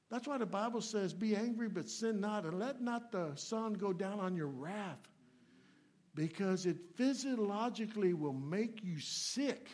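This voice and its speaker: A man with a notably high speaking voice delivers a sermon as a visiting preacher. His talk is folksy and plainspoken. He lunges into loud, emphatic lines and then pulls back to soft, low asides. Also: animated, a little slow. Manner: folksy, swings between loud emphatic and hushed. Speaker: guest preacher.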